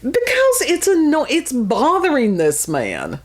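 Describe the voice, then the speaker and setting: A woman's voice: high voice, huge pitch swings, slow pace. A woman hosting a casual podcast chat, blunt and exasperated, often sighing and laughing. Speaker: podcast host.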